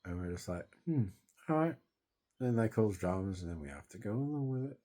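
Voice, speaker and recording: A man's voice: fairly low pitch, big pitch swings, a little fast, warm tone. A young Australian man in distress, grieving and venting in a rambling, sweary monologue into his phone.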